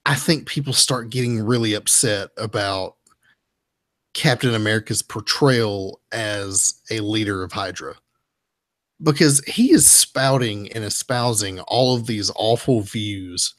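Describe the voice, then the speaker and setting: A man's voice: lowish voice, fairly bright tone, dry recording, clean studio sound. A man hosting a casual comic book podcast, recapping stories in a rambling, easygoing way with frequent restarts. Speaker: podcast host.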